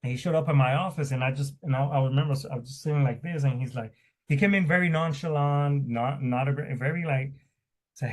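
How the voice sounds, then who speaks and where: A man's voice: mid-range voice, darkish tone. A middle-aged man, a military veteran, telling his personal story in an interview. He speaks candidly and with raw emotion, often stopping and repeating words. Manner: halting, with many restarts and repeated words.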